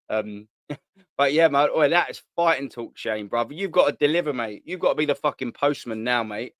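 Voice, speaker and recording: A man's voice: mid-range voice, fairly bright tone, dry recording. A man hosting a casual live stream, reading out viewer comments in a blunt, slangy, sweary way with frequent laughter. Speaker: host of a live fan channel.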